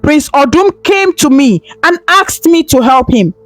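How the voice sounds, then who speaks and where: A woman's voice: sits high, expressive, unhurried, dry recording, soft background music. A woman storyteller voicing a desperate young woman who pleads through tears with a trembling voice. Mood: pleading.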